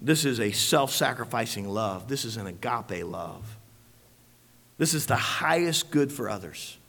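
A man preaching a sermon as pastor, swinging from hushed, quiet passages to loud shouted peaks. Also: medium pitch, lively intonation, a little slow, creaky. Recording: long hall reverb.

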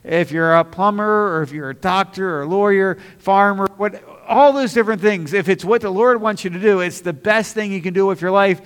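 A man with a fairly high voice preaching in a church hall, where a long echo trails each phrase. His delivery is earnest and often builds to emphatic stretches, and a slight stammer shows in small restarts. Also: fairly quick, hardly any pauses, a bit bright, smooth. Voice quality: slight stammer on some words. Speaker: pastor. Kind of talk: sermon.

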